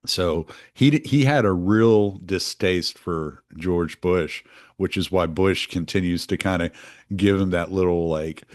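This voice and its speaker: A man's voice: deep voice, unhurried, darkish tone, no echo, clean studio sound. A man hosting casual political commentary, rambling with lots of fillers and restarts. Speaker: host.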